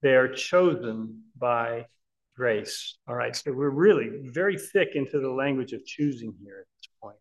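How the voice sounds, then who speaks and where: A man's voice: medium pitch, measured pace, lo-fi sound. A man preaching a Bible-teaching sermon in an earnest, emphatic way, often checking in with listeners.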